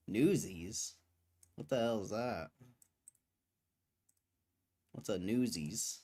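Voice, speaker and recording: A young man hosting a livestream and answering his chat in a relaxed, slangy way. He fills his talk with easygoing fillers and loose asides. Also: fairly low pitch, very slow, pauses often. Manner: laid-back, slangy, full of "like" fillers. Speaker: livestream host. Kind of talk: casual chat reading viewer comments.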